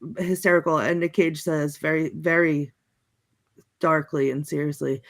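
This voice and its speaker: A woman's voice: sits low, steady tone, a little fast. A woman on a podcast panel, chatting casually over a video call and recapping movie quotes in a rambling, giggly way, full of fillers and restarts.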